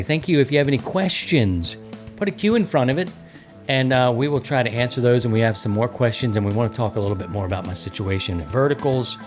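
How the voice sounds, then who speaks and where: A man's voice: on the low side, a little mellow. A man hosting a radio-hobby podcast in a loose, rambling, casual chat with many fillers. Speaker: podcast host.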